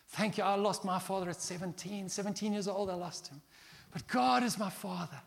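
A middle-aged man preaching a sermon as pastor, animated and acting out quoted prayers. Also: high-pitched, fairly quick, gravelly, hardly any pauses. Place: large church hall. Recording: long hall reverb.

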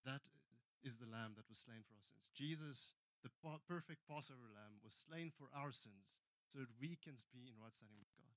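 A man's voice: medium pitch, moderate pace, a bit bright, no echo. Earnest South African preacher man. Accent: South African English. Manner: storytelling preacher, earnest, with frequent restarts. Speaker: pastor. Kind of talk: sermon. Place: church.

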